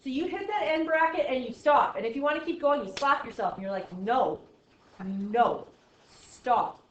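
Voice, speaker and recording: A woman's voice: high voice, very animated, fast talker, fairly bright tone, a little hiss or hum. A woman teaching a math class in a classroom, playful and jokey, with exaggerated asides. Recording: echoey classroom, dull lo-fi sound.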